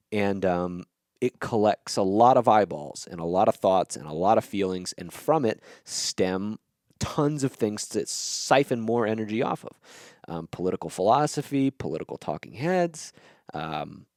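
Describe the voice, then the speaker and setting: A man with a fairly low voice lays out his ideas in a loose, unscripted monologue. He is blunt and swears freely, and keeps checking in with the listener as he goes. The sound is dry and close, with no room around it. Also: a little mellow, dry recording. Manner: blunt and profane, checks in with "okay?" and "right?". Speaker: podcast host. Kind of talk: casual explanatory monologue.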